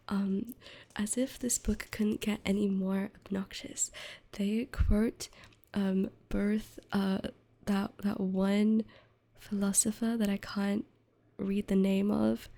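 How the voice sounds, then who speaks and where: A woman's voice: mid-range voice, vocal fry, dark tone. A young woman streamer in a whispered ASMR chat, rambling and giggling at herself as she reads, close to the mic. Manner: giggly, rambling, self-deprecating.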